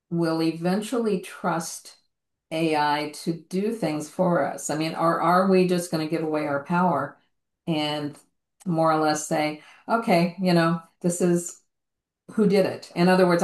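A woman hosting an interview, speaking in a measured, thoughtful way with frequent hesitations. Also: deep voice, reverberant. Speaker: interview host. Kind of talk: conversational interview.

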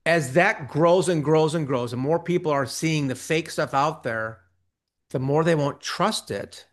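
A man talking as a guest on an interview show, animated and quick, acting out quoted reactions in between. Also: a little high. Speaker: interview guest, ghostwriting business owner. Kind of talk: conversational interview.

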